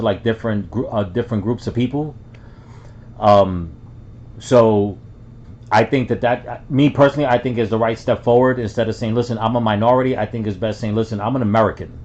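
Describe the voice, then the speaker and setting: Rambling man from the Bronx, low voice. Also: a little mellow. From the Bronx, New York. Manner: rambling, with many fillers and restarts. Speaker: reaction video host. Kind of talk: casual reaction commentary. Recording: dull lo-fi sound.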